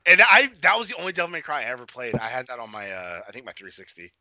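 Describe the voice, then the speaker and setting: A man's voice: medium pitch, quick pace, dry recording, dull audio. A man co-hosting a casual podcast about a movie, swearing freely and acting out lines from scenes. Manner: animated, swearing, acts out quotes. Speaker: podcast co-host.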